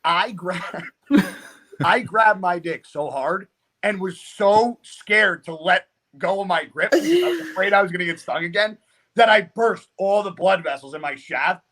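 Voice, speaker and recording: Speaking at a measured pace, a man appearing as a podcast guest tells a story in a relaxed, casual way. He wanders off on tangents and curses nonstop, staying lively the whole time, with a voice pitched slightly high.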